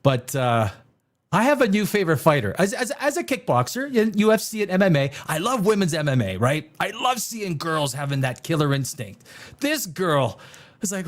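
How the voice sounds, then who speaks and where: A man's voice: sits high, very animated, normal speed. A middle-aged man hosting a casual livestream, rambling and joking, often laughing at himself. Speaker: livestream host.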